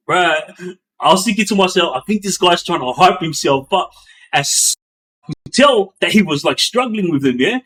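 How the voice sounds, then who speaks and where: This middle-aged ex-gang member spins prison stories at a moderate pace, his pitch jumping in bursts as he acts out sounds and quotes. It's casual storytelling, loose and slangy, with many fillers and restarts.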